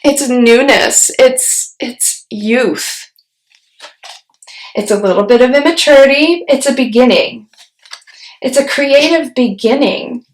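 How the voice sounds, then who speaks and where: A woman giving a solo tarot reading, musing aloud and pausing to put questions to spirit as she turns the cards. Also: sits high. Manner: slow, musing, talks to spirit mid-reading. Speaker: tarot reader. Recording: roomy echo.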